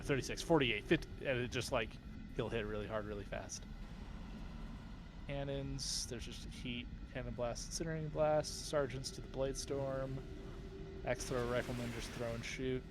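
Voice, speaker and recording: A man's voice: medium pitch, noisy background. A man leading a game raid over voice chat, explaining tactics step by step with many uhs and ums. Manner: instructive, with frequent uh and um. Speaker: raid leader.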